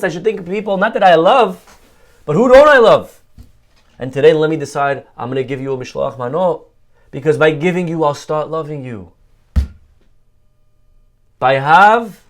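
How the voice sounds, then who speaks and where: A middle-aged man giving a sermon as a rabbi, telling a personal story in an animated, conversational way. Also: mid-range voice.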